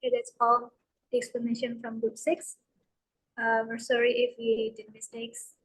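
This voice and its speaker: A young woman student wrapping up a group presentation, softly and a little hesitantly. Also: fairly high pitch, completely flat delivery, normal speed, slightly rough, poor audio. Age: young adult. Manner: soft, hesitant wrap-up. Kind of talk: closing a class presentation.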